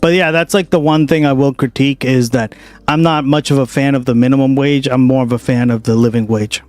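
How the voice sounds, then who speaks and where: A man from Boston hosting a casual reaction stream, talking fast and loosely, swearing and laughing often. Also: medium pitch, dry recording, faint music behind. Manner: profane, animated, laughs a lot.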